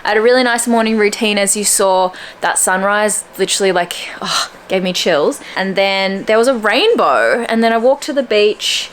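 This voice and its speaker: A woman's voice: normal speed, hardly any pauses, a little hiss or hum. Chatty young woman vlogging at home. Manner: chatty and upbeat, drifting into squeaky baby talk for her dog. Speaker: fitness vlogger. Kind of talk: casual vlog chat to camera.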